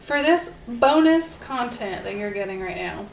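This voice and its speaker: A woman's voice: mid-range voice, expressive, a little slow, creaky. A woman co-hosting a casual true-crime podcast, telling a case in an upbeat, chatty way with lots of fillers. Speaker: podcast co-host and storyteller. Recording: roomy echo with faint hiss.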